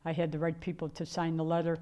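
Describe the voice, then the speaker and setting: A woman's voice: deep voice, completely flat delivery, quick pace, mellow. An older woman from the Chicago area telling her own life story in a candid, rambling way, full of fillers and restarts. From Chicago area, USA. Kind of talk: personal storytelling.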